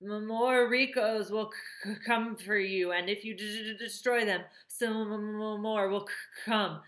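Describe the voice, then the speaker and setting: A woman's voice: medium pitch, steady tone, a little slow, a bit bright, voice pushed up, close to an everyday voice. A woman puts on a broken-down male robot hunter, dying and glitching, every word stuttering and catching as it fails. The voice sits a touch above her own and carries a roomy echo. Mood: fading.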